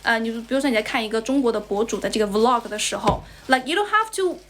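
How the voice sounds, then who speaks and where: A woman's voice: fairly high pitch, expressive, fast talker, fairly bright tone, a little hiss or hum. A young woman with a Chinese accent teaching English on a livestream, explaining with lots of repetition and switching between English and Mandarin. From China.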